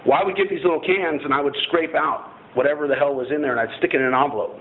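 A man's voice: on the high side, racing. A man telling a personal story to an audience in a blunt, self-mocking and profane way. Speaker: former Marine telling his story. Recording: tinny phone-like line, faint noise.

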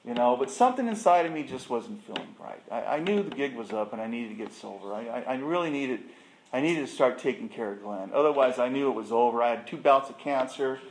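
A middle-aged man with a mid-range voice and lively intonation speaks briskly, giving candid testimony to a support group about his recovery. He's plain and self-deprecating, laughing as he reenacts old conversations, with slight background noise plus roomy echo and faint ambience from the meeting room and its audience.

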